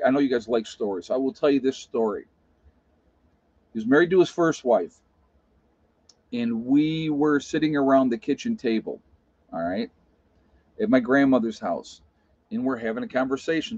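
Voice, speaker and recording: A man's voice: medium pitch, darkish tone, no room sound. A plain-spoken man chats on his live stream, telling stories and saying things just as he sees them. His voice sits in a middle register. The recording is dry and close, with a muffled, lo-fi quality. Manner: blunt, plain-spoken storyteller. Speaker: live-stream host reading chat. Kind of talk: casual live-stream chat. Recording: dull lo-fi sound.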